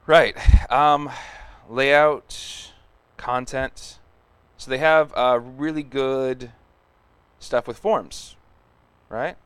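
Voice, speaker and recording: A man's voice: medium pitch, fairly even intonation, extremely slow, a bit bright, clean tone, dry recording. A man thinking aloud as he codes on a live stream, muttering, humming and chatting casually. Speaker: live stream host coding. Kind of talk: casual live coding commentary.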